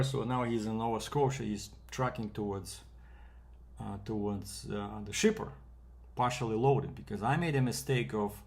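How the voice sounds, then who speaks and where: Man, from Canada, freight broker, gravelly mid-pitched voice, casual rambling monologue, lots of fillers. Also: darkish tone. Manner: rambling, with fillers and quoted dialogue.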